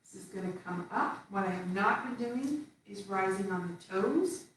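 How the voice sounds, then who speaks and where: A woman teaching a qigong form, calmly cueing each step as she moves through it. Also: medium pitch, moderate pace, slight background noise. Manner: calm step-by-step cueing while moving. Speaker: qigong instructor. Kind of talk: guided movement class. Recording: echoey room from far off.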